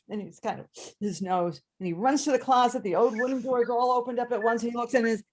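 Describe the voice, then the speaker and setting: An older woman performing a story at a live storytelling event, animated and acting out the voices and sounds. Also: a little high, fast talker.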